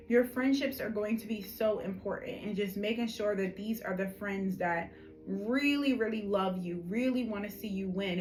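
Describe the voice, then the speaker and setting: In a rough recording, a tarot reader with a mid-range voice and a Philadelphia accent delivers a collective reading straight to the camera. Warm and talkative, she addresses her audience as "honey," speaks with animated emphasis, and keeps asking "okay?" to check in.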